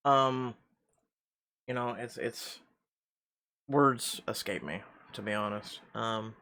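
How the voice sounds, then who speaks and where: A man's voice: fairly low pitch, takes it slowly, bright, forceful tone. A man who reads story games aloud and then talks casually, hesitant and full of fillers when off script. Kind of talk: story narration and casual outro chat.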